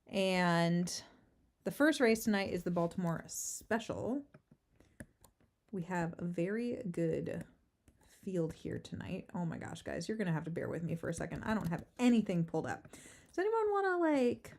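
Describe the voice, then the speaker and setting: A woman's voice: medium pitch, creaky, darkish tone. A woman hosting a casual livestream race preview, chatting with her viewers between horse introductions, speaking without her usual headset. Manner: chatty, talks to chat, asides and laughs. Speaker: race caller and host. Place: relative's house, indoors. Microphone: no headset, makeshift setup.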